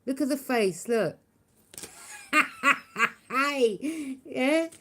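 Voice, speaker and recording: A woman's voice: sits high, expressive, drawn-out words, noisy background. A woman giving a live tarot reading. She taunts unseen enemies, laughs at them mockingly and keeps checking in with "yeah?". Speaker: tarot reader.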